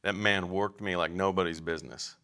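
Emphatic man with a bright voice. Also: low voice, fairly even intonation, brisk. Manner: emphatic, conversational, asks the class questions. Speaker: biblical counseling teacher. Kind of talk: classroom lecture.

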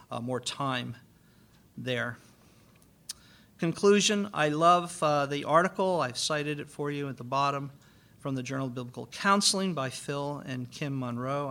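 A man's voice: medium pitch, gravelly, bright, forceful tone. A man giving an earnest, pastoral conference talk on biblical counseling, with frequent filler words.

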